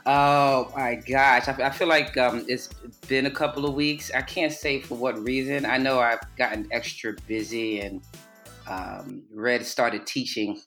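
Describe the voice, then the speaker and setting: A woman co-hosting a chatty podcast, with a morning voice because she just woke up. She talks in a relaxed, easygoing way. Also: extremely low pitch, measured pace, faint music behind. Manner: relaxed, chatty, says "you know what I'm saying". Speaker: podcast co-host. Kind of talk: casual chat.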